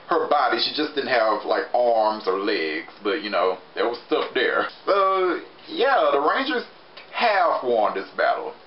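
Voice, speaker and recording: A young adult man giving a chatty, animated review with plenty of fillers. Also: mid-range voice. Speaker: show reviewer. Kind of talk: casual review vlog. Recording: roomy, slightly muffled recording with faint hiss.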